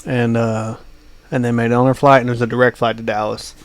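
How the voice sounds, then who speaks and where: Fast and flat in delivery, this medium-pitched man co-hosts a podcast. He spins a long, rambling travel story in casual conversation, constantly using fillers such as "uh" and "like."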